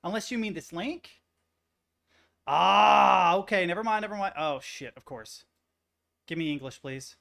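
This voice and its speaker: Young guy streamer rambling and swearing, kinda high voice, laughing at weird articles. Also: lively intonation, fairly quick, fairly bright tone. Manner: profane, rambling, easily amused. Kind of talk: casual chat reacting to articles.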